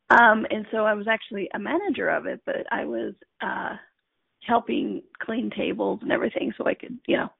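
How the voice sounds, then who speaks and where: A middle-aged woman hosting a show, telling a casual story in a chatty, animated way and laughing often. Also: mid-range voice, vocal fry, slightly rough, dry recording. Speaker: host. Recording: tinny phone-line sound.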